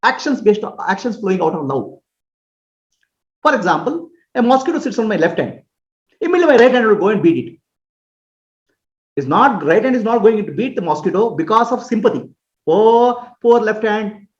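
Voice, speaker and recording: Lively-voiced man teaching in a roomy hall. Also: high-pitched, a little fast, pauses often. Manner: explains with homely examples, checks understanding, chuckles often. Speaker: spiritual teacher. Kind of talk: spiritual Q&A teaching. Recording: roomy, dull lo-fi recording.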